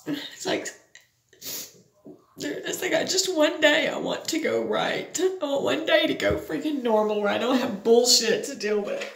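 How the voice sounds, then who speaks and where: A woman's voice: high-pitched, animated, measured pace, gravelly, echoey room. A woman, venting in a rambling, frustrated personal vlog and swearing now and then. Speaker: vlogger.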